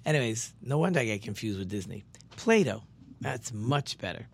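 A man giving an informal Torah lesson, rambling and correcting himself, slowing down to stress key words. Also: mid-range voice, lively intonation, gravelly, husky. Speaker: religious teacher.

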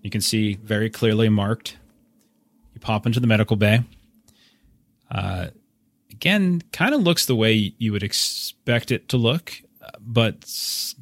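A man runs a tabletop game, painting each room in detail and often stopping to restart a phrase. His voice sits fairly low and sounds dry and close to the mic. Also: expressive, no room sound. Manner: descriptive, halting restarts. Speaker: game master.

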